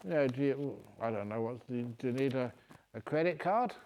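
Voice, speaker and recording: A Buddhist monk and meditation teacher fields retreat questions with humor and playfulness, reading each one aloud before joking his way into a reply. His mid-range voice is expressive and fairly quick, with a somewhat dark tone.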